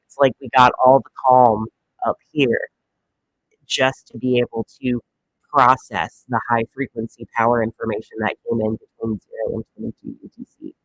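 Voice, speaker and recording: A man's voice: medium pitch, flat delivery, moderate pace, a bit bright, low-quality recording. A man hosting a comedic weather livestream, chatting casually and rambling with lots of fillers and jokes. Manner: rambling, joking, many fillers.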